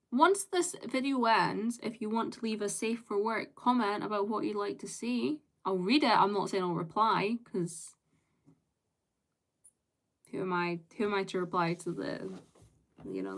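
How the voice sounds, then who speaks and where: A young woman chats casually to her live stream audience in a loose, rambling way. She fills her sentences with fillers and small laughs, and her voice sits at an ordinary middle pitch for a woman. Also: fairly bright tone. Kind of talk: casual chat with live viewers.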